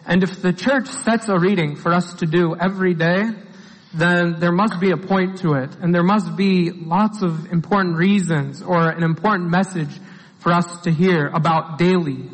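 A man with a high voice delivers a relaxed, conversational sermon. He retells the story simply and repeats his main points for emphasis. His words ring out with a long church reverb. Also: moderate pace. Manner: plain storytelling, repeats key phrases for emphasis. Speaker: preacher.

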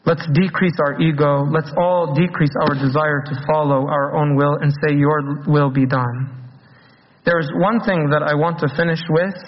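A man's voice: a little high, steady tone, normal speed. A man preaching a sermon as a priest, speaking in a conversational way and asking the congregation questions. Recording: dull, echoey church recording.

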